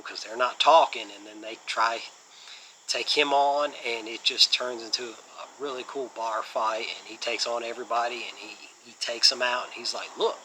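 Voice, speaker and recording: A man's voice: lowish voice, sharp tone, a little hiss or hum, low-quality recording. A man hosting a casual movie review channel, rambling enthusiastically with lots of fillers.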